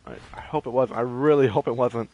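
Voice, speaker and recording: A man commenting on his own gameplay, easily startled and thinking out loud as he plays. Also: medium pitch, a little fast, dull audio. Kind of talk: let's play commentary.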